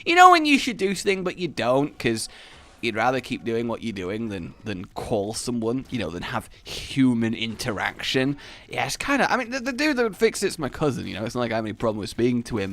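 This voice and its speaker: Gaming host, animated delivery, bright tone, dry close mic, storytelling over play. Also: male voice, medium pitch, fairly quick, no echo. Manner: rambling storytelling with frequent restarts, bursts of shouting and laughter. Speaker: gaming YouTuber. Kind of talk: casual gameplay commentary. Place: home office.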